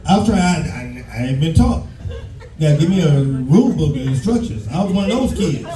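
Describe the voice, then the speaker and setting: A high-pitched, mellow-toned man in his fifties from Detroit tells a loud, cursing stand-up story to a live crowd. He is recorded in an echoey room from some distance off the mic. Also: big pitch swings, a little fast. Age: 50s. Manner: loud, profane storytelling, breaks into shouts and laughter. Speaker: stand-up comedian. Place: live show stage with audience.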